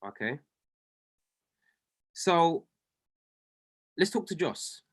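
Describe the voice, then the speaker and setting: A man's voice: a little high, animated, very slow. Fervent male coach repeating his points. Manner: fervent, repeats lines for emphasis, addresses listeners by name. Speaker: trading coach. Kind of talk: motivational group call.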